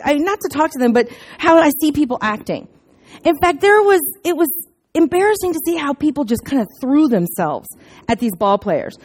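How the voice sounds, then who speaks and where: High-voiced woman preaching with lively storytelling. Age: middle-aged. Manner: lively, chatty, self-deprecating, with loud bursts. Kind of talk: casual sermon with storytelling.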